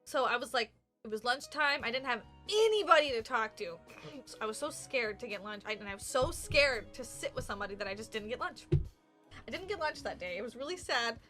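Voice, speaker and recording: Young adult woman, podcast co-host. High, bright, animated storyteller. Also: fairly quick, faint music behind. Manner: animated, laughs often, acts out quotes loudly. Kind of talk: casual storytelling chat.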